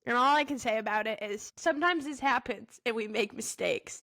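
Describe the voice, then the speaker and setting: High, bright-voiced giggly young woman. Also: brisk. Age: 20s. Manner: giggly, rambling, heavy use of "like". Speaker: podcast co-host. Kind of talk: casual chat.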